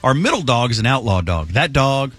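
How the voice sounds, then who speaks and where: Man, radio host, bright tone, dry studio sound, animated storytelling. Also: brisk, husky, no room sound. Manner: animated storyteller, shouts quoted lines in a high voice. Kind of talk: casual talk radio storytelling.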